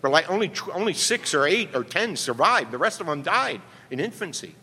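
A man's voice: fairly high pitch, sing-song, fairly quick, hardly any pauses, pushed and bright, husky. A male pastor preaching a sermon emphatically, often checking in with "right?". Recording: long reverb from a hall.

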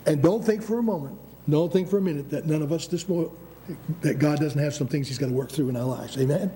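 A man's voice: a little high, fast, mellow, a little hiss or hum. An older American man preaching a sermon, emphatic, with frequent restarts and calls of "Amen?". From United States.

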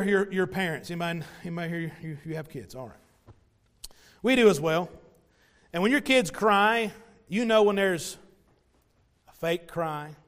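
A man preaching a sermon to his congregation, animated, acting out little voices of the people in the story. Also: high-pitched. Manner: animated, plays out voices of mockers and parents. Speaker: pastor.

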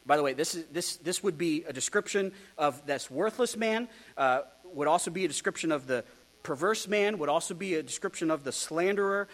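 A male pastor preaching an expository sermon, animated and rhetorical, with ironic asides to his congregation. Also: fairly high pitch, fairly quick.

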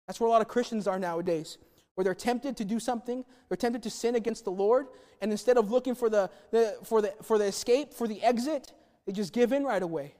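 A man's voice: sits high, brisk, dark tone. A man preaching a sermon in a conversational, chatty way with humorous asides. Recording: long reverb of a hall.

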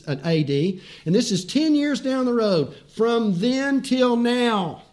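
High-voiced male pastor preaching. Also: a little mellow. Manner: conversational preaching with rhetorical questions and emphatic slowdowns. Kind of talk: sermon.

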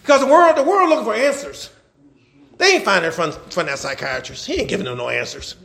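A male pastor preaching a sermon, swinging from loud shouting to quiet asides, with colloquial talk and lots of repeated words. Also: sits high, animated, a little fast, gravelly.

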